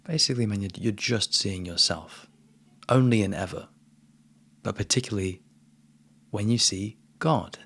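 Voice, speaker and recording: Gravelly husky man, casual spiritual talk. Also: lowish voice, normal speed, long pauses. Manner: relaxed, says "man" often, emphatic bursts. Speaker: spiritual coach.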